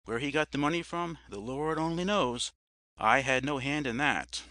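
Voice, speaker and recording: A man's voice: mid-range voice, lively intonation, normal speed, sharp tone, no echo. A man reading a story as an audiobook narrator, telling it expressively and often addressing the listener as sir.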